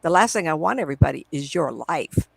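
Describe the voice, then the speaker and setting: A woman's voice: sits low, expressive, fast talker, gravelly, breathy edge, no echo, low-quality recording. A middle-aged woman, a psychic medium, talks at home on a video call through her computer microphone. She tells long, wandering stories and acts out her past conversations as she goes. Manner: rambling, acts out remembered conversations. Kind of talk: casual interview storytelling.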